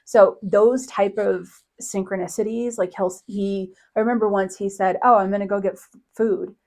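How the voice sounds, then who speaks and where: A woman's voice: medium pitch, fairly even intonation, moderate pace, darkish tone. Chatty woman podcast host, laughing storyteller. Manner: chatty, laughs often, quotes others in voices. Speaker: podcast host, psychic medium. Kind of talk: casual storytelling monologue.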